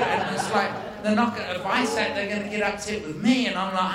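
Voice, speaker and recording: A man with a high voice preaches from a distance in a large hall that rings with heavy echo. He tells stories in an animated way, acting out conversations and poking fun at himself. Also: fast talker, hardly any pauses, crowd noise. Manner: animated, acts out dialogue, self-deprecating humor. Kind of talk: storytelling sermon. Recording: echoey hall from far off.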